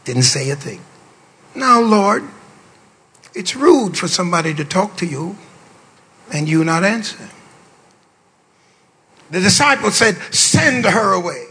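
An older man, a bishop, preaching a sermon to pastors with playful, boastful asides, drawling low and then bursting into shouts. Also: expressive, takes it slowly, long pauses, slightly rough. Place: large hall. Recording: long reverb of a large hall.

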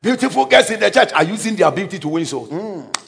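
A man preaching an energetic sermon as pastor, breaking into sudden shouts and laughing at his own stories. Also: high voice, a little fast, gravelly.

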